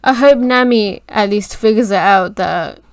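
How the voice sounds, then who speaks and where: A woman hosting an anime reaction, talking back at the screen in a distraught, swearing way. She speaks slowly and unhurriedly. The sound is dry and close, with no room echo. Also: mid-range voice. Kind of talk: emotional reaction commentary.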